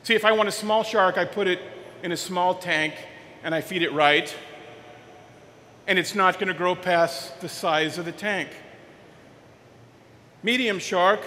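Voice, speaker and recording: A man's voice: sits high, sharp tone, a little hiss or hum. A man playing a friendly male pet store owner who explains things in a folksy, confident way. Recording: reverberant hall, faint ambience.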